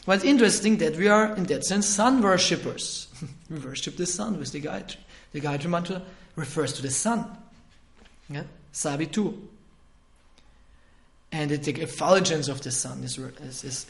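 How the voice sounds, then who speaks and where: A man delivers a casual lecture on scripture in a voice pitched a little above the usual male range. He chuckles now and then and often stops to rephrase himself. Quiet asides give way to sudden, forceful emphasis. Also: moderate pace, creaky, pauses often. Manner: conversational, chuckles often, swings between soft asides and emphatic bursts; frequent hesitations and self-corrections.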